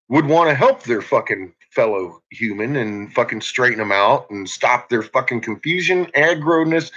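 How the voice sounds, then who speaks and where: A man chats casually with viewers on a live stream, rambling and cursing heavily throughout. His voice is a little high, sharp, and husky, and the lo-fi recording sounds dull.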